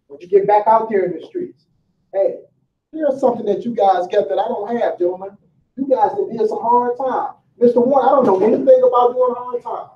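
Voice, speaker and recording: High-voiced man preaching to a room. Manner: emphatic and preachy, with rhetorical questions to the crowd; colloquial, casual street phrasing. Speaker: motivational speaker. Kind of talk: motivational speech to a live room. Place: large room with a live audience. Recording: echoey room, distant and dull.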